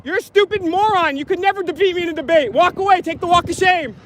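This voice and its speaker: A man filming on his phone outdoors, loudly heckling and taunting officials with repeated insults. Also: very high voice, fast, a little hiss or hum. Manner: mocking, repetitive insults. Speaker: YouTube auditor filming officials. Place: outdoors at a public event. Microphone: handheld phone camera.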